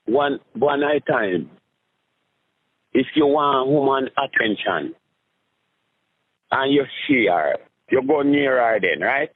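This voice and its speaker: A man with a Jamaican accent telling rambling comic stories, jumping into high voices when he acts out scenes. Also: animated, slow, pauses often, no room sound. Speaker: street comedian. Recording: tinny phone-like sound.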